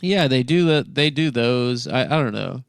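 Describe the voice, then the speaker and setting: Gravelly-voiced man rambling in chat. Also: mid-range voice, animated, normal speed, no room sound, clean studio sound. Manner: rambling with many fillers. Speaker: podcast co-host. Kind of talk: casual comedic chat.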